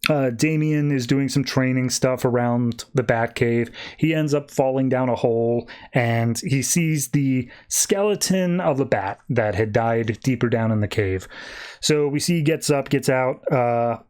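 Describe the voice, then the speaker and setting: A man's voice: medium pitch, a little slow, a little mellow, clear, resonant tone. A man hosting a podcast, casually recapping a comic book and slipping into character voices. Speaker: podcast host.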